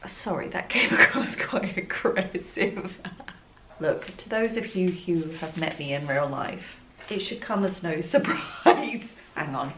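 A woman's voice: fairly low pitch, animated, takes it slowly, roomy sound, noisy background. A woman chatting casually while she works in her art studio, thinking aloud and poking fun at herself. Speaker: art vlogger.

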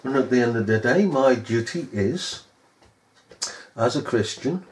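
A man's voice: mid-range voice, animated, measured pace, a little mellow. A man preaching a sermon in a scornful, sarcastic manner. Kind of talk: recorded sermon. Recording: echoey room.

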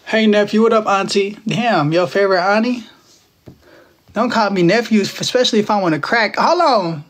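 Young guy from Texas, high pitched, playful slangy livestream banter, talking into his phone. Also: normal speed. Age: 20s. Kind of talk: casual live-stream chat with viewers.

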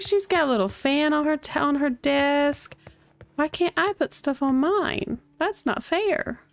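A woman's voice: high-pitched, dry recording. A woman streaming a cozy game, thinking aloud in casual, chatty commentary. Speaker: gaming streamer.

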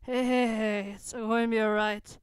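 A woman's voice: fairly high pitch, level tone, normal speed, clean tone, no room sound, natural voice. A woman voicing a caring teenage wizard boy who speaks in a soothing, reassuring way. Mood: comforting.

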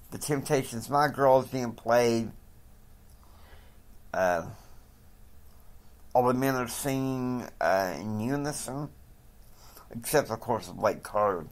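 A man telling an improvised story in a halting, rambling way, with many fillers. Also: on the low side.

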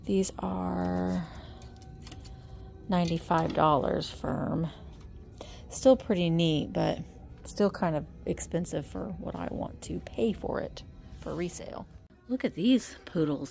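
A woman's voice: fairly low pitch, slow, gravelly, a little mellow, soft background music. A middle-aged woman chatting casually as she browses an antique mall, thinking aloud and reading out prices. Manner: chatty, thinks aloud while pricing items. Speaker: vintage reseller vlogger. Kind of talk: casual shop-along narration.

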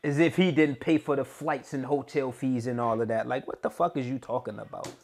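A man hosting battle rap reaction commentary, slangy, swinging from low mutters to high, heated yelling. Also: steady tone, a little fast, gravelly.

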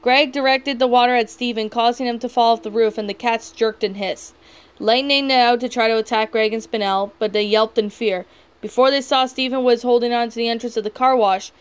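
A woman's voice: a little high, steady tone, a little fast, smooth. A woman reading a fan fiction story aloud, often stumbling and restarting words. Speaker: story narrator. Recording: background music throughout.

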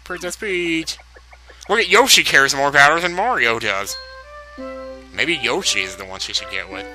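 A young man giving casual let's play commentary, excitable and cracking profane jokes. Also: medium pitch, normal speed, rough recording. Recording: game music behind the voice.

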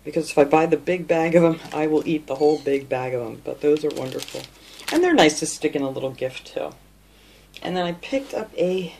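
A woman with a fairly low voice chats her way through a casual haul video from her home craft room. She rambles easily with fillers and small restarts. A faint background hiss sits under the recording. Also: darkish tone. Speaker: craft channel host. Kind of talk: casual shopping haul vlog.

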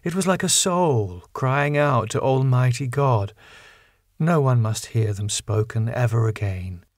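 A man reading an audiobook, voicing a gentle but resolute young woman who speaks gravely and appealingly. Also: medium pitch, animated, unhurried, no room sound, clean studio sound. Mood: moved.

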